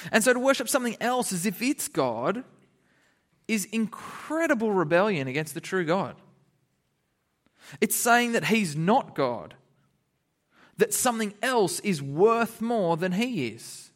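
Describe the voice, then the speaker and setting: A man giving a lively Bible lesson to children, laughing often and acting out the characters. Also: high voice, slow pace, long pauses. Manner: animated, laughing, acts out characters. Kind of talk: lively kids' sermon.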